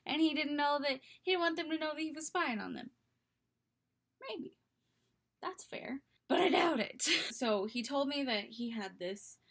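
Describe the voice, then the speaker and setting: Animated young woman telling a story. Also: sits high. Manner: animated, dramatic, breaks into laughter. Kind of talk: casual storytime. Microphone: webcam mic.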